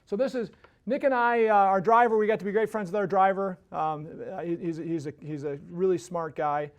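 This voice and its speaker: A man's voice: sits high, fairly even intonation, a little fast. A man hosting a podcast, telling a casual story that rambles with many restarts and tag questions. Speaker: podcast host.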